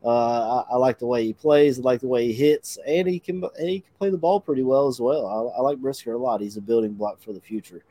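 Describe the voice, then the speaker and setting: A man co-hosting a casual sports podcast, relaxed and hesitant, chuckling as he talks. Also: mid-range voice, a little fast, few pauses. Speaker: podcast co-host.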